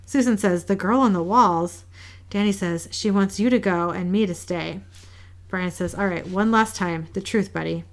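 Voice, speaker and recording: Female co-host, gravelly, low-key, reads dialogue flat in a casual recap. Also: normal speed. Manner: reads quoted lines in a flat, low-key way with small laughs. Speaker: podcast co-host recapping an episode.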